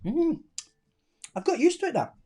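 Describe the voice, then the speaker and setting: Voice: high voice, sing-song, moderate pace, dark tone. Schoolteacher, upbeat and praising, live online class for kids. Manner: encouraging, praising, reads out answers. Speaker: primary school teacher. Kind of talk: live online lesson for children.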